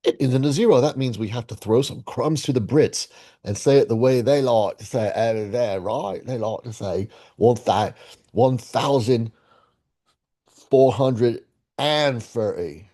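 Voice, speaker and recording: A man's voice: mid-range voice, a little fast, dark tone. A man in his sixties hosting his own video while playing a daily guessing game, chatting playfully and rambling to himself. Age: 60s. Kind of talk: casual solo commentary.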